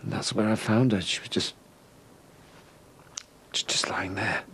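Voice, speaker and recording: Remorseful middle-aged father, halting, deep-ish, gravelly. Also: animated, a little hiss or hum. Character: guilt-ridden middle-aged father confessing his wife's killing. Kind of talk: TV soap drama.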